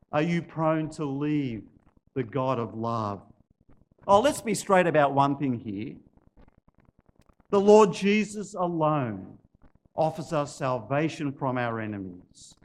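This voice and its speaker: A man preaching a sermon, telling a story and then making emphatic, forceful appeals to the congregation. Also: mid-range voice.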